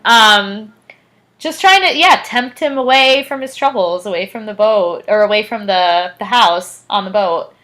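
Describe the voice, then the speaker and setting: A young podcast co-host recaps an episode in casual chat, giggling throughout with plenty of fillers and laughs. Her mid-range voice is unhurried and a bit bright, though the recording is rough.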